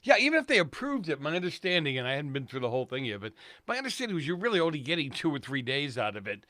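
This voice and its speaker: A man from California joining a talk radio show as a guest, chatty and quick to laugh. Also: fairly high pitch, very animated, pushed and bright, dry recording, studio quality. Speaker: regular guest commentator. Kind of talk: casual political chat.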